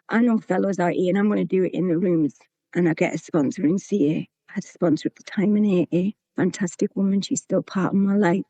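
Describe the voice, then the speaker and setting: A woman's voice: medium pitch, warm tone, husky, no room sound. A woman, telling her own recovery story to a meeting in a candid, plain-spoken way. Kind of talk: sharing a personal recovery story.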